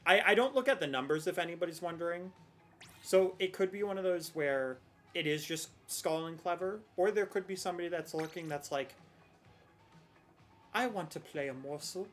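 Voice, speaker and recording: A young woman streaming a game, chatting casually and rambling with sudden excited outbursts. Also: fairly low pitch, a little fast, faint music behind. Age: young adult. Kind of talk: casual gameplay commentary.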